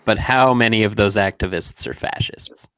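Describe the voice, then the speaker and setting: A man with a low, deep-set voice makes wry, quick jokes in casual podcast banter. His voice is close and dry, with no room sound around it. He keeps an easygoing conversational flow. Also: fairly bright tone, smooth, dry recording. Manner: dry, quick-witted quips. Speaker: podcast co-host. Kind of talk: casual chat.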